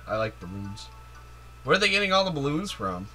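A man's voice: a little high, very animated, moderate pace, pushed and bright, soft background music. A man giving playful, giddy commentary while playing a video game, joking and cheering, with many "like"s. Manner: playful, giddy, jokey, lots of "like" and "yay". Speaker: video game let's player. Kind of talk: casual gameplay commentary.

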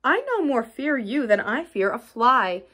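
A woman's voice: a little high, expressive, unhurried, a bit bright. A woman reading the lines of a brave teenage boy, speaking out with impassioned defiance. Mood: defiant. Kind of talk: audiobook character reading.

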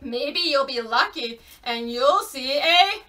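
A woman's voice: high-pitched, animated, slow, sharp tone, recorded from a distance. A young woman leading a children's storytime at home, singing and praising in a cheerful sing-song way, recorded a little away from the mic. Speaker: children's librarian. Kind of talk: storytime songs and rhymes for toddlers.

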